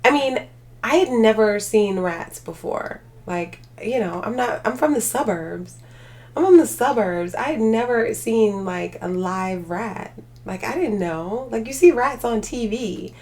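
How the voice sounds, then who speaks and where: A woman's voice: on the high side, lively intonation, unhurried, darkish tone. Tired, rambling woman live-streaming. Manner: rambling and chatty, with frequent filler words and laughs. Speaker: livestream host chatting with viewers. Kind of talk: casual live chat.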